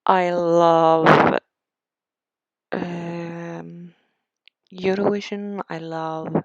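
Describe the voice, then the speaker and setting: Swedish woman chatting in a low, gravelly voice. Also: a little mellow, dry recording. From Sweden. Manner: sarcastic, rambling, self-deprecating. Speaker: game build video creator. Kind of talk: casual chat over a speed build. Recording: dull, lo-fi dry sound.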